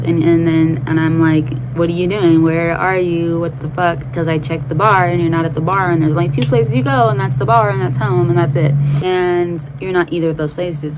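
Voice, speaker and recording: A woman's voice: low voice, dull audio. A woman hosting a podcast, telling a personal story in a blunt, slangy, heavily profane way. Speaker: podcast host. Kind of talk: casual storytelling monologue. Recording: noisy background.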